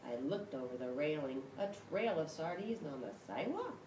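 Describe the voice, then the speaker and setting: A woman reads a storybook aloud with a low voice that swings widely in pitch. She is expressive and breaks into sudden shouts and yelps. The sound is echoey and distant, over a clear rumble. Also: moderate pace. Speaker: storybook reader. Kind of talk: reading a picture book aloud.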